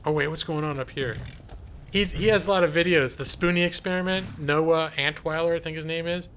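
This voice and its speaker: A man's voice: a little high, fairly quick, a bit bright, slight background noise. A middle-aged man casually chatting through a live game stream, reading chat aloud and rambling. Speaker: gaming streamer.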